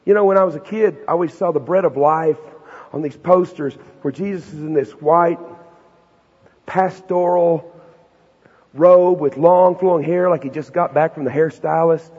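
A man preaching a sermon to students in a folksy, animated, slangy storytelling manner. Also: fairly high pitch, unhurried, long pauses, slightly rough. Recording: dull recording with long hall reverb.

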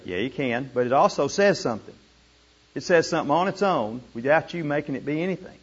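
A man teaching a group how to study scripture, animated and repeating words for emphasis. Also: on the high side, normal speed, breathy edge. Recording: dull lo-fi room recording.

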